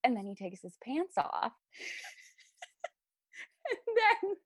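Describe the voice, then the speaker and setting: A woman's voice: a little high, sing-song, drawn-out words, pauses often, slightly rough, no room sound, clean studio sound. A young woman in her twenties, a podcast guest, telling a story in casual chat, laughing often and acting out the lines she quotes.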